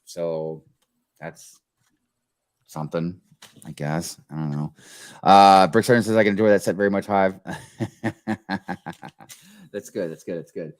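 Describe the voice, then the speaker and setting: A man's voice: deep voice, fairly even intonation, measured pace, long pauses. A man hosting a live-stream chat show, exclaiming and apologizing in a sing-song way as he runs a giveaway. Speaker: host.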